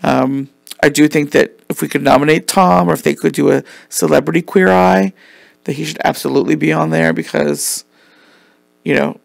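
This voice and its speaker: A man's voice: a little high, creaky, dry recording. A man hosting a casual solo podcast, rambling and chatty with lots of ums and some swearing, while losing his voice. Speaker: podcast host.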